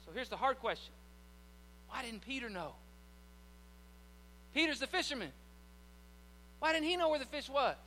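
A man with a high, ringing voice preaches in a drawl, folksy and full of jokes. His sermon carries a long echo through a church hall, with a low mains hum underneath. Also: lively intonation, normal speed, long pauses, bright, forceful tone. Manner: folksy, joking, conversational preaching. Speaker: pastor.

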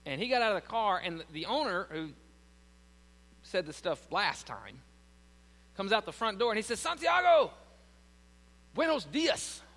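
A man's voice: high voice, big pitch swings, moderate pace, long pauses, pushed and bright, long reverb tail, low-quality recording. A man with a Southern American accent preaching a sermon as pastor, building to emphatic lines and then telling stories with frequent restarts.

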